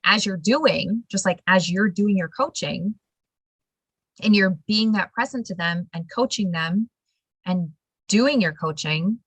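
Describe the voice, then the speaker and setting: A woman hosting a casual interview, telling stories in an animated, emphatic way and laughing now and then. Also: mid-range voice, a little slow, slightly rough, no echo, low-quality recording. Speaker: show host.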